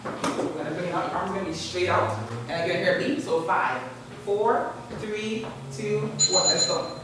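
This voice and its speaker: A woman's voice: fairly low pitch, normal speed. A woman fitness instructor leading a live exercise demo, counting down and urging her group on. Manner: energetic coaching, counting down and urging. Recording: echoey distant room recording with noise.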